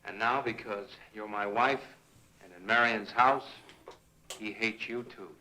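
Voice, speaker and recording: An earnest young husband. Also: male voice, lowish voice, fairly even intonation, measured pace, bright, forceful tone, a little hiss or hum, low-quality recording. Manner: soothing, earnest. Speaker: film character. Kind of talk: 1950s film acting.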